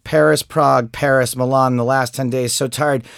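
A man's voice: mid-range voice, fairly even intonation, normal speed, vocal fry, fairly bright tone, no room sound. Joking man in his forties, dry studio sound. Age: 40s. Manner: joking, rambling, laughs at his own lines. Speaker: podcast co-host. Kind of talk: casual chat.

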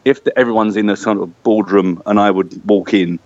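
A man's voice: lowish voice, fairly even intonation, a little fast, darkish tone, no room sound. A man tells a funny, self-deprecating story in casual conversation. He acts out the voices and cheers along the way. The recording is dry and a little dull. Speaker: guest storyteller. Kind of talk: casual anecdote.

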